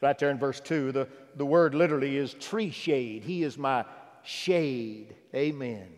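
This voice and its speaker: A man preaching a sermon who swings from loud exhortation to hushed, intimate asides. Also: mid-range voice, measured pace, in a large hall.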